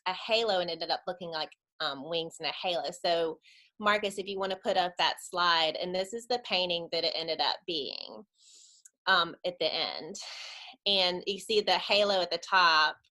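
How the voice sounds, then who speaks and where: A woman's voice: fairly low pitch, moderate pace, bright, forceful tone. A woman, giving a chatty personal testimony at a church webinar and laughing often as she tells it.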